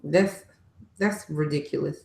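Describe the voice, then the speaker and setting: A woman's voice: sits low, a little slow, creaky, darkish tone, echoey room, poor audio. A woman co-hosting a podcast, chatting casually and scolding her co-host in exasperation, with bursts of laughter. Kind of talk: casual chat.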